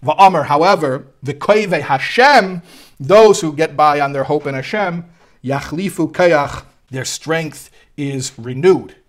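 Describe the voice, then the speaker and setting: Animated man teaching a text class. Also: on the high side, slow. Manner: reads Hebrew text then translates line by line; animated, voice rising when quoting. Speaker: Torah teacher.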